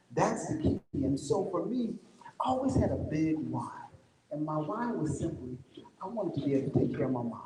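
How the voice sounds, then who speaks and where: A man's voice: fairly high pitch, heavy background noise. A man giving a motivational talk to a live conference audience, telling his life story in a folksy way and talking straight to the crowd. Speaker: conference speaker. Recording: echoey hall with long reverb.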